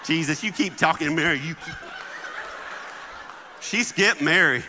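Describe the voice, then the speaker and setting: A man giving a humorous sermon as a guest speaker, animated and acting out the people in his stories. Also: on the high side, unhurried, pauses often, crowd noise, noisy background. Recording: long hall reverb.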